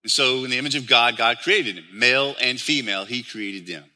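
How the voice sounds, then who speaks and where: Male pastor, sermon delivery, very bright and forceful tone, keeps asking rhetorical questions. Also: mid-range voice, a little fast. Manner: explains scripture with frequent rhetorical questions.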